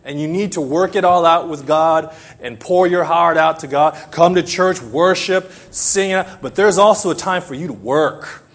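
A middle-aged male pastor preaching a sermon, emphatic and animated, often repeating his phrases. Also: fairly high pitch, moderate pace, few pauses.

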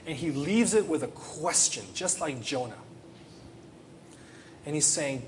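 A man preaching a sermon with passion, climbing into loud rhetorical questions and then dropping to a soft, quiet close. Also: fairly high pitch, unhurried, pauses often, slight background noise. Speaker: pastor.

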